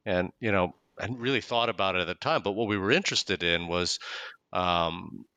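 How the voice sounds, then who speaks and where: A man, a guest author, explaining his academic argument in a measured way in an interview. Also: low-pitched, pushed and bright, dry recording, lo-fi sound.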